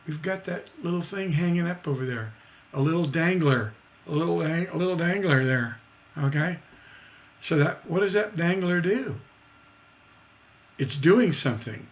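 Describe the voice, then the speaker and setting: A man's voice: on the high side, takes it slowly, gravelly, long pauses, slight background noise. A man teaching songwriting on a livestream. He talks casually with fillers and restarts, and sings out rhythms with beat sounds. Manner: demonstrates rhythms by vocalizing beats; chatty, with many fillers and restarts.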